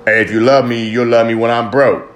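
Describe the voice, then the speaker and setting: A man mimicking a smooth-talking man who coaxingly pleads to be loved no matter what. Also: mid-range voice, fairly even intonation, a little fast, lo-fi sound, pitched below the performer's own voice, natural voice.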